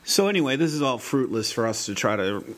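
A man's voice: medium pitch, lively intonation, quick pace. A man co-hosting a podcast, talking casually in a wry, rambling way with frequent restarts. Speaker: podcast co-host. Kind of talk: casual chat.

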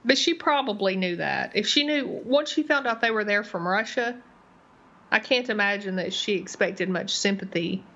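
A woman talks through a TV episode, retelling scenes in detail. Her voice sits at a medium pitch. The recording is a little dull and lo-fi. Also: normal speed, sharp tone. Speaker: podcast co-host. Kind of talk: casual TV recap chat.

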